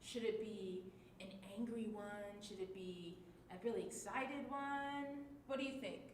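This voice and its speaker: A woman's voice: mid-range voice, unhurried. A woman teaching a lesson for children, talking patiently and checking in often with her listeners. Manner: clear, patient teacher talk with many check-ins. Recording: echoey room with faint noise.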